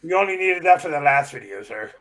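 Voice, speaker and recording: A man's voice: a little high, expressive, fast, a bit bright. A man co-hosting a reaction show, teasing his partner in casual banter over a video call. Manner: teasing, laughs often.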